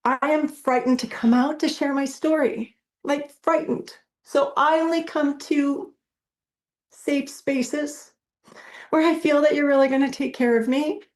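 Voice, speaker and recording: A woman guest speaking earnestly and emotionally, with halting, self-correcting speech. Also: high-pitched. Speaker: guest on a show. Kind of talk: emotional personal talk.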